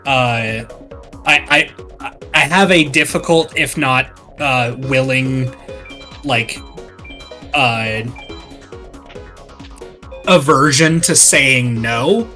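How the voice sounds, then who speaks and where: A man chatting casually during a game session, telling lively stories and acting out other people's lines. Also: mid-range voice, extremely slow, pauses often, soft background music. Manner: animated storyteller who acts out quoted voices. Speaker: co-host of a gaming let's play. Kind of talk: casual chat.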